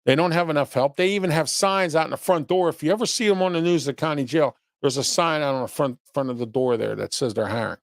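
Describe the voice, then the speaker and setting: This man runs a local commentary show, offering opinions and reading viewer chat. He scolds his audience bluntly, fires rhetorical questions, keeps saying "okay?", and tends to ramble. His slightly high voice moves quickly with few pauses, recorded in clean, echo-free studio sound.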